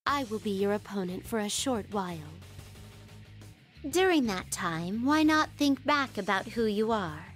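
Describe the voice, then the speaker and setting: Calm, mysterious, formal wanderer. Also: female voice, mid-range voice, soft background music. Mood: solemn. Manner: slow, polite, measured formal speech. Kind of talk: video game voice acting.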